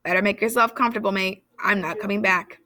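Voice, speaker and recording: A woman reading aloud, voicing a brash, impatient young male strongman who shouts and uses casual slang. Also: medium pitch, steady tone, fast talker, natural voice. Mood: cocky.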